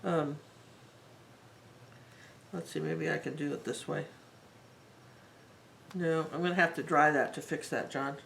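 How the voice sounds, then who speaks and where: A woman's voice: deep voice, fairly even intonation, measured pace, gravelly, long pauses, slight background noise, rough recording. A woman teaching a live painting tutorial, talking in a chatty and rambling way as she works. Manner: chatty, rambling and warmly enthusiastic. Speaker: art teacher.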